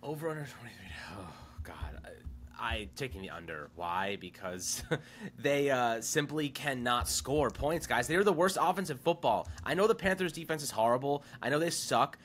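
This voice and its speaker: Brief: male podcast co-host, tense bright voice, emphatic and opinionated on football. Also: mid-range voice, animated, moderate pace, slight background noise. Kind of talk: casual sports talk.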